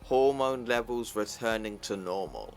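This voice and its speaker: A man voicing the calm AI of a battle suit in a flat, matter-of-fact, slow read, with soft music behind. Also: lowish voice.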